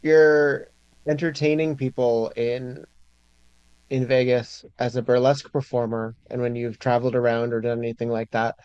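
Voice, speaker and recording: A podcast host leads a casual interview with slow, drawn-out questions. The sound is dull and slightly lo-fi, and dry with no room. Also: medium pitch, flat delivery, a little mellow, clean tone, dry recording.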